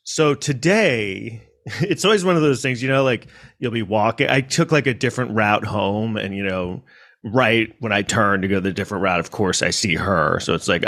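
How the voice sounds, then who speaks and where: A man's voice: fairly low pitch, moderate pace, fairly bright tone. A man from New York City telling a personal story in a casual monologue, rambling with restarts and asides.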